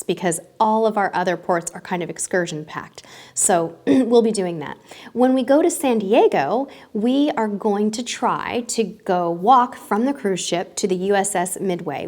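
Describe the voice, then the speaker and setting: Upbeat woman in her thirties, medium pitch, casual travel vlog host. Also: a little mellow. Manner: upbeat and chatty, with small self-corrections. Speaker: travel vlogger. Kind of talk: casual vlog talk to camera.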